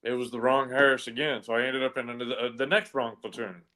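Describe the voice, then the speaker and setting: A man spins a story for friends at a comfortable middle pitch. He rambles, loops back with "and anyway", and drops casual curses along the way. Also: steady tone, brisk, pushed and bright. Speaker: comedy podcast co-host telling a story.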